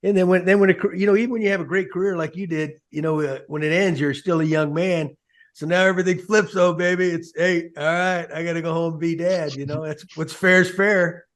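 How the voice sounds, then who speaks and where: A man's voice: sits high, steady tone, fairly quick, fairly bright tone. A man hosting a casual sports chat show, talking in a folksy, rambling way full of fillers. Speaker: show host.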